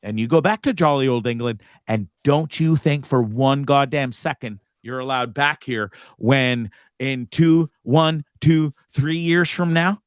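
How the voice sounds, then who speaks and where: A man's voice: mid-range voice, a little slow, hardly any pauses, smooth, no room sound, studio quality. A man hosting a live talk show, ranting casually with lots of profanity. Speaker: host.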